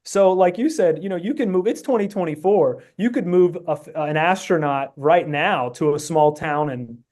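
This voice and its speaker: A man speaks as a podcast guest, laying out his reasoning earnestly with many fillers and restarts. His voice is mellow and dark in tone, though pitched a little high. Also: normal speed. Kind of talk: casual chat.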